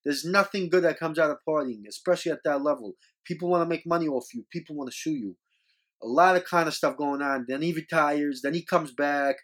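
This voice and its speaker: Man, higher-pitched voice, casual rambling monologue, repeats himself, earnest scolding tone. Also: brisk, a bit bright. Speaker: podcast host.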